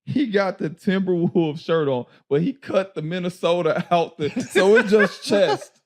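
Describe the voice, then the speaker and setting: A man casually telling a story on a podcast, slangy and animated, often laughing. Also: high voice, a little slow. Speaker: podcast guest, former player.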